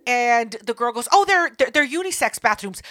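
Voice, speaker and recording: A young woman telling a story in casual chat, animated and profane, acting out voices. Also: on the high side, normal speed.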